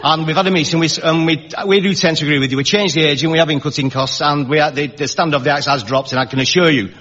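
A man's voice: a little high, fast, fairly bright tone. A man speaking in a flustered, apologetic way as a show organiser, stumbling over his words. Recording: dull broadcast audio.

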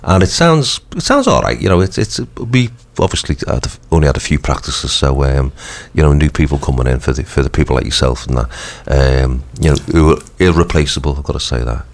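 A man with a croaky voice, hosting a radio show and chatting casually, rambling with lots of ums and restarts. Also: very deep voice, animated, brisk, hardly any pauses. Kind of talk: casual chat.

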